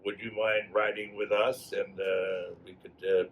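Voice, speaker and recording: An elderly man in his eighties doing a mild, low-key impression of a genial male politician. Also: level tone, a little slow, a little hiss or hum. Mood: courteous. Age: 80s. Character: John F. Kennedy impression, genial male candidate.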